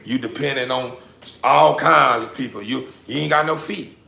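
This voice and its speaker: A man giving a preachy motivational rant straight to the listener, repeating his points and swinging from low muttering to loud emphatic bursts. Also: normal speed, vocal fry, a little hiss or hum. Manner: preachy, addresses listener directly, repeats himself. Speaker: social media commentator. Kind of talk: motivational street-talk rant.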